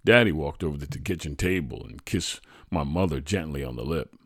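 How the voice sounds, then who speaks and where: Very deep-voiced male storyteller. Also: expressive, brisk, a bit bright, husky, no echo, clean studio sound. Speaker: storyteller, podcast host. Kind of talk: reading a personal true story.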